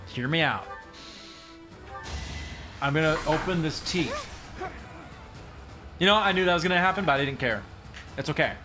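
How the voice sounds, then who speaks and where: A man casually commentating his gameplay, excitable and rambling, repeating himself and laughing often. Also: fairly high pitch, normal speed, long pauses, over music. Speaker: streamer.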